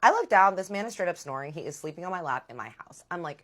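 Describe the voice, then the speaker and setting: A woman telling a personal story in casual chat, candid and animated, swearing freely and acting out dialogue. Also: low-pitched, fast talker, few pauses.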